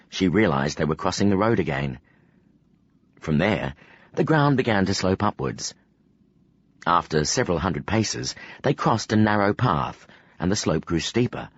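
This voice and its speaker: A man narrating a fantasy audiobook with expressive storytelling. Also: low-pitched, slightly rough, no room sound. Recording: dull lo-fi audio, dry.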